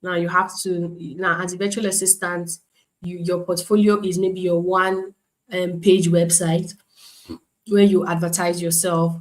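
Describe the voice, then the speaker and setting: A woman with a fairly low voice leads a live virtual lesson over a stream. She teaches in a loose, conversational way, circles back to repeat her points, and reads comments from the chat aloud. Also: a little mellow. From Nigeria. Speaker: online class instructor. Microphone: computer mic on a live stream.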